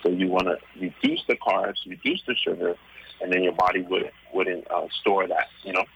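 A man's voice: deep voice, fairly even intonation, moderate pace, gravelly, highs cut off, slight background noise. A man, a former boxer and fitness coach, explaining exercise and diet on a radio show with many "um"s and "right?"s. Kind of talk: casual radio interview.

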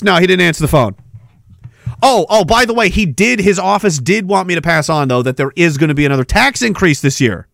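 Angry sarcastic man ranting, high voice. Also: expressive, a little fast, creaky, a bit bright, no echo, clean studio sound. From Canada. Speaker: livestream host reading chat. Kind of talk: ranting political livestream.

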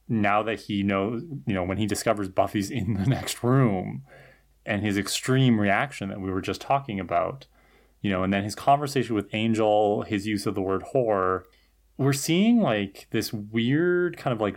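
A man co-hosting a podcast, talking through the episode thoughtfully with fillers like "you know". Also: fairly low pitch. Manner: thoughtful, analytical, uses filler words. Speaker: podcast co-host. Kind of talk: casual recap chat.

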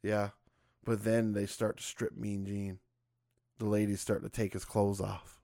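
A man's voice: fairly low pitch, level tone, measured pace, gravelly, dark tone, dry recording, clean studio sound. A man co-hosting a casual podcast, recapping matches with frequent laughs and swearing. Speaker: podcast co-host. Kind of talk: casual chat.

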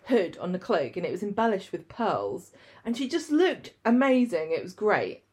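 A woman's voice: medium pitch, very animated, moderate pace, darkish tone. A woman co-hosting a casual chat, retelling a story with chatty enthusiasm.

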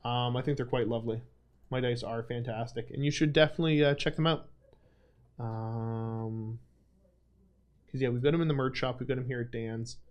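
A man's voice: medium pitch, steady tone, moderate pace, pauses often. Young male stream host, casual Q&A, self-deprecating, filler-heavy. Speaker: livestream host. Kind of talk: casual livestream Q&A chat.

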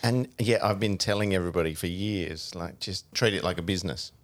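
A man's voice: deep voice, brisk. A middle-aged man hosting a studio interview, talking in a conversational way with fillers and restarts. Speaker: show host.

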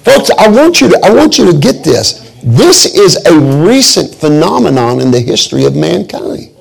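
Gravelly pastor telling folksy stories. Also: male voice, sits high, big pitch swings, moderate pace, rough recording. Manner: folksy, joking storytelling with many restarts. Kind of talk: sermon.

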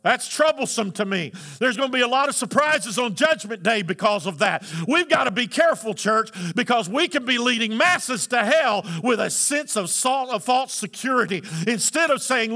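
A man preaching from the pulpit in a bright, forceful voice. He calls out to the congregation for answers and climbs into shouted emphasis. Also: very high voice, animated, moderate pace, few pauses. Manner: preaching with call-and-response, rising to shouts. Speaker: pastor. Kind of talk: sermon.

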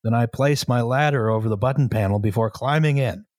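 Guy reading a story out loud, steady and even, super dry close sound. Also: medium pitch, no room sound. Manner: measured storytelling, breaks into laughter. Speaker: story reader. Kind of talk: reading a story aloud with commentary.

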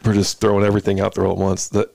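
Male podcast host, gravelly low voice, chatty and reactive. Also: completely flat delivery, very fast, darkish tone, no room sound. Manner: prompting, reactive interjections. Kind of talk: casual chat.

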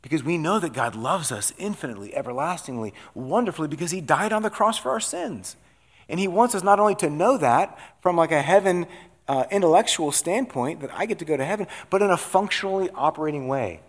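A man's voice: on the high side, animated, brisk. Conversational man preaching a sermon. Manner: conversational, asks "right?" often. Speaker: pastor.

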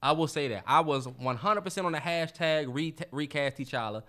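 A man's voice: fairly high pitch, moderate pace, pushed and bright. A man co-hosting a podcast in casual chat, talking animatedly and emphatically with lots of slang and filler ums. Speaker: podcast co-host.

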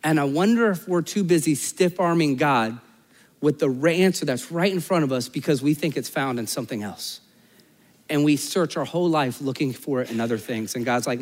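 High-voiced animated male pastor preaching. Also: fairly quick, big-room sound. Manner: storytelling, voices characters in anecdotes; animated, rises high and loud in stories, drops low and soft for appeals. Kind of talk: sermon.

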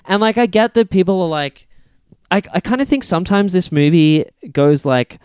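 A man co-hosting a film podcast in casual chat, animated and ranting, swearing freely. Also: sits high, moderate pace, clean tone, dry recording, clean studio sound. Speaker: podcast co-host.

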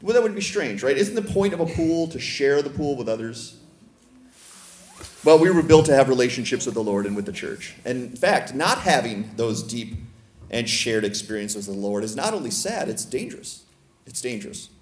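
A man preaching a sermon as pastor, playful and teasing with gentle humor. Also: medium pitch, very animated, moderate pace. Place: church sanctuary. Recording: echoey church room.

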